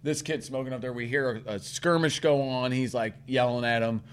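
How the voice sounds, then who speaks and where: A man telling a long story in casual podcast chat, swearing often and rambling with animated quoted voices. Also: medium pitch, fairly quick, a little hiss or hum.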